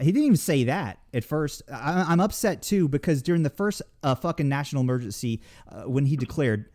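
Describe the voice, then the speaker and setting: A man's voice: fairly high pitch, very animated, brisk, warm tone. A man on a casual panel chat, ranting with heavy swearing and many restarts. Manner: profane, ranting, lots of restarts.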